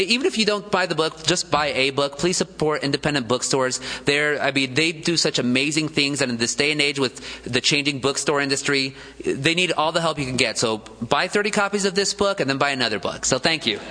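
A man's voice: on the high side, a little fast, hardly any pauses, long reverb tail. A man reading from his own book at a live bookstore event, then talking loosely about it with some humor. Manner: lively storytelling, self-deprecating. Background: live audience.

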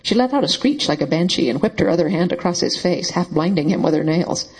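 Breathy, husky male audiobook narrator. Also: high-pitched, expressive, quick pace, rough recording. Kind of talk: scripted narration.

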